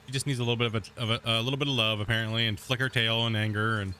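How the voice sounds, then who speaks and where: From a desk mic in his home gaming room, a male streamer chats casually during a live game, saying "dude" a lot and cooing at his cat. His lowish voice is very fast, pushed and bright, with fairly even intonation and slight background noise.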